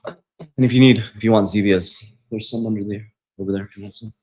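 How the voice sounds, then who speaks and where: A man's voice: lowish voice, fairly even intonation, fairly quick, darkish tone. A man as a financial coach on a livestream, emphatic and preachy, repeating his points. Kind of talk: livestream talk.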